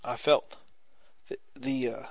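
A man's voice: medium pitch, steady tone, takes it slowly, darkish tone, no echo. Man preaching an informal testimony. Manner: conversational, repeats phrases for emphasis, ends in prayer.

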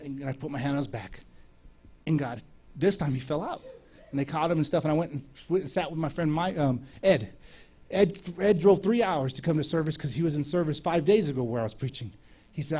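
A man's voice: fairly high pitch, fast. A middle-aged male preacher telling healing stories in a sermon, acting out the dialogue as he goes. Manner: animated storyteller acting out dialogue. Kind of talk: sermon testimony storytelling.

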